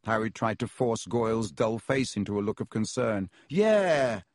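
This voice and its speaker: A man narrating an audiobook with steady storytelling. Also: fairly low pitch, moderate pace, no room sound, clean studio sound. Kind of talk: scripted narration.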